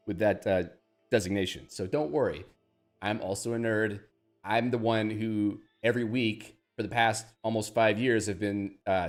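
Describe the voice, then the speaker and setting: A man hosting a live stream in a casual, joking, self-deprecating way, reading viewer chat aloud. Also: fairly low pitch.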